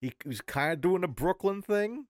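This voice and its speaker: Rambling podcast host, dry sound. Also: male voice, high voice, animated, moderate pace, no echo. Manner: rambling, searches for words. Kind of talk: casual chat.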